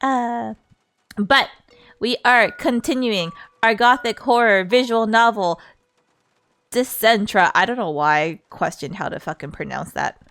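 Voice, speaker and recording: A woman's voice: fairly high pitch, unhurried, fairly bright tone. A woman streamer chatting casually to her viewers, laughing often and poking fun at herself. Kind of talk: casual live-stream chat.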